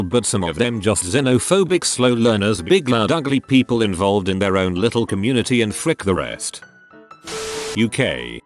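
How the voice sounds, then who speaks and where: A man narrating a list of online posts in a brisk, matter-of-fact read with dry, sardonic asides. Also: on the low side. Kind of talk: scripted narration.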